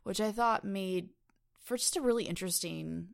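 Gravelly-voiced woman reviewing films. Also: medium pitch, moderate pace. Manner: animated, retells scenes in detail. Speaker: podcast co-host. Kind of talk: casual film review chat.

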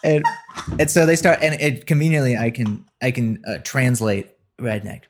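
A young man hosting a podcast, telling a story in a casual, animated way and often breaking into laughter. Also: mid-range voice, noisy background. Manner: animated storyteller, quick to laugh, mimics voices. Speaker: podcast host.

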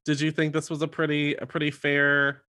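A man co-hosting a podcast, animated and playfully catty, often imitating other people's voices. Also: a little high, moderate pace. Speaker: podcast co-host. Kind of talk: casual chat.

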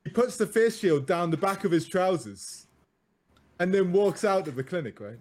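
A man's voice: high voice, normal speed. A man who is a doctor, chatting on a podcast and telling an anecdote with laughter. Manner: animated, laughing storyteller. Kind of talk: casual chat, anecdotal storytelling.

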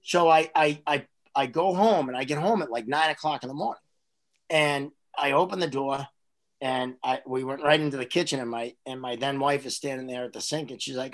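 A comedian, telling stories in casual chat with frequent restarts. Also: male voice, medium pitch, normal speed. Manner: rambling, animated storyteller with restarts. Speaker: comedian host.

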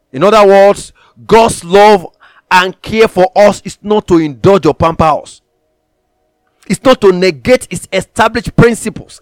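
A man's voice: sits high, no echo, clean studio sound. A man preaching a sermon, emphatic, repeating phrases for stress and reading scripture aloud in old-fashioned wording.

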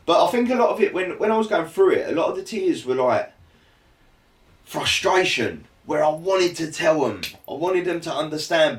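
A man speaking as a podcast guest, candid and laid-back in casual chat. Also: fairly high pitch. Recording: echoey room, mic at a distance.

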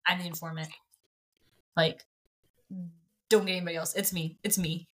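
A woman voicing a young male general who quietly owns up in a resigned, hushed way. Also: lowish voice, steady tone, normal speed, voice pushed down.

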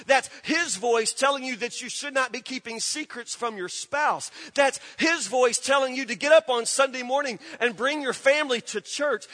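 High-voiced preaching man in echoing hall. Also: sharp tone. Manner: earnest, repetitive, direct appeals to listeners. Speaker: pastor. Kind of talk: sermon. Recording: long hall reverb.

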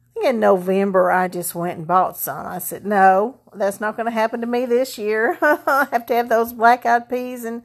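A woman talks casually to her viewers as a vlogger. She rambles from one thing to the next, filling gaps with ums and starting sentences over. Her voice sits at an ordinary middle pitch. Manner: rambling, chatty, many fillers and restarts. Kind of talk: casual chat.

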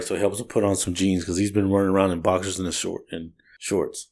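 A man with a fairly low voice talks through a film's plot in a loose, rambling way. He jumps between scenes and throws in quick bits of the characters' dialogue as he goes. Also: fairly even intonation, a little mellow. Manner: rambling, acts out lines from scenes. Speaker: podcast co-host. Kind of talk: casual movie recap.

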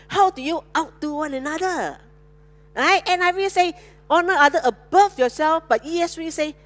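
A woman preacher delivers a sermon in a fairly high, very lively voice that swings up and down. She keeps checking in with the congregation through call-and-response. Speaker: pastor.

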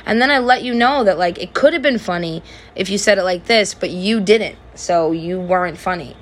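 A young adult woman hosting a podcast, telling candid, profane stories in a casual monologue and often breaking into loud laughter. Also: on the low side, moderate pace. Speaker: podcast host.

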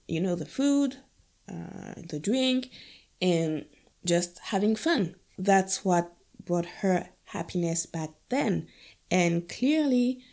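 A woman's voice: medium pitch, darkish tone. A young adult woman from Guadeloupe, talking reflectively and casually about a film with playful asides. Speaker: film discussion host.

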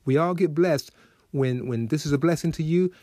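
A man hosting a short devotional program, preaching with lively swings between soft and emphatic delivery. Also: on the high side, moderate pace, no echo. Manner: animated, swings from soft to emphatic, acts out quoted people.

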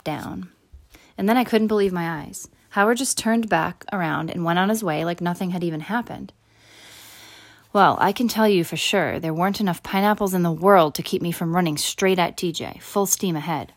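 A low-voiced woman, an audiobook narrator, reads a first-person storybook a little fast. She voices the characters by raising her pitch and speaking their quotes louder.

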